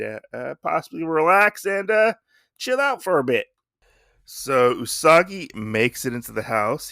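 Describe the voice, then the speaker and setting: A man's voice: medium pitch, sharp tone, dry recording, clean studio sound. A man hosting a podcast, casually recapping a comic story with lots of rambling fillers. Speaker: podcast host.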